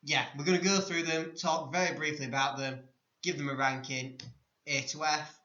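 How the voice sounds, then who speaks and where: Dry, wry male podcast host, bright voice, echoey muffled room. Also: fairly high pitch, steady tone, moderate pace. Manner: dry, mock-exasperated, keeps the show on track. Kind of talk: casual chat. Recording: roomy, muffled lo-fi home recording.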